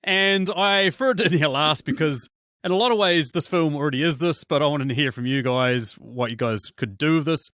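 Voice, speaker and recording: A man's voice: fairly high pitch, moderate pace, a bit bright, no room sound, clean studio sound. A man hosting a casual movie podcast, laughing often and acting out film lines in silly voices. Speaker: podcast host.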